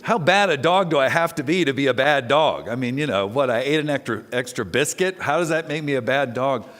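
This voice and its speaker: A man's voice: medium pitch, lively intonation, fairly quick, fairly bright tone, lightly acted. A man retelling a comedian's bit, voicing a puzzled dog that indignantly asks why it is bad.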